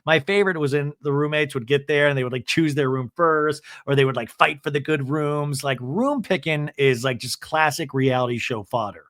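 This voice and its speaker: A man's voice: a little high, normal speed, hardly any pauses, a bit bright, dry recording. A man hosting a podcast, casually recapping a reality show and acting out the cast members' lines. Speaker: podcast host.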